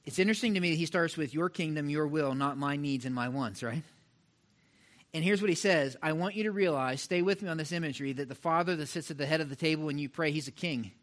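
A middle-aged man preaching a sermon as pastor, animated and talking straight to the congregation, acting out little voices to make his points. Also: a little high, quick pace. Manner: animated, mimics voices for illustration, direct address to congregation.

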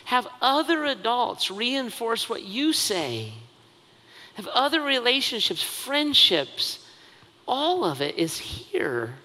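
Bright, high-voiced man preaching in a hall. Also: wildly swooping pitch, slow pace. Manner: conversational and self-mocking, with many asides. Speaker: pastor. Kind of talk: sermon.

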